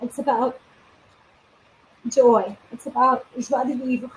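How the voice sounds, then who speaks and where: A woman's voice: on the high side, fairly even intonation, slow, slight background noise, poor audio. A woman from Venezuela talking openly and emotionally on a live stream, tearful at times. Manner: emotional, open and heartfelt, with warm laughter. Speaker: fitness vlogger. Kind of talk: live-streamed personal talk.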